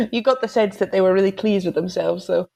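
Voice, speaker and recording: Gravelly-voiced woman chatting about film. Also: medium pitch, dark tone. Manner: wry, giggly remarks. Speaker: film podcast co-host. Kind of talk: casual film discussion.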